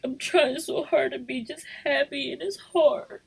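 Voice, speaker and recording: A young woman in an emotional confessional vlog, crying and talking softly at home. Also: high-pitched, a little slow, gravelly, few pauses. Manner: tearful, shifting between crying, soft whispers and rueful laughs. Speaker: vlogger. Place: home at night.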